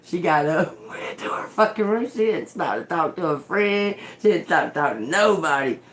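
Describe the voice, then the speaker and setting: A woman's voice: deep voice, lively intonation, normal speed, slight background noise. Laughing, foul-mouthed middle-aged woman. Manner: profane, laughs often while telling. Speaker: tarot reader and channel host. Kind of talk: casual storytelling.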